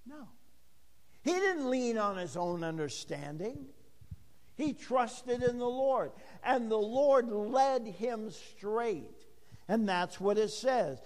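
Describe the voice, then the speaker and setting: An older man delivers a sermon in a high, unhurried voice, acting out bits of dialogue in a folksy storytelling way. His words ring out with a long reverb trailing behind them. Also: expressive. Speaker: pastor.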